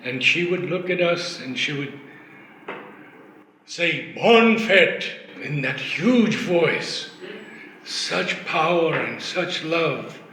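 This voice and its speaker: An older man reading poetry aloud in a slow, measured way and sharing memories. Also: a little high, bright, forceful tone. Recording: echoey room.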